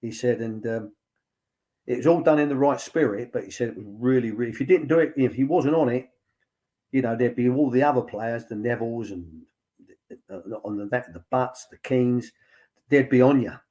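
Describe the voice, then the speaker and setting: An older man talks in a relaxed, anecdotal way. He rambles through stories full of "um" and "he said," with an even, mid-pitched voice. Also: normal speed. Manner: chatty storyteller, lots of "he said" and fillers. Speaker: former football academy director, guest. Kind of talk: anecdotal casual chat.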